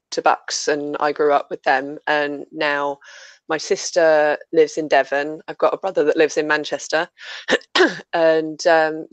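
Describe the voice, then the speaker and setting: A mid-range voice, clear and resonant with no room sound, belongs to a guest from Buckinghamshire, England, whose southern accent has absorbed some Scouse. It's a casual streamed chat, full of fillers and easy laughter.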